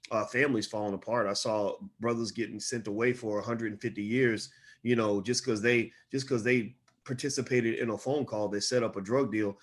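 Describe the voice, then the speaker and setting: A middle-aged man giving solo commentary, impassioned, repeating his phrases and climbing higher as he gets worked up. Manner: impassioned, repeats phrases, rises in pitch when animated.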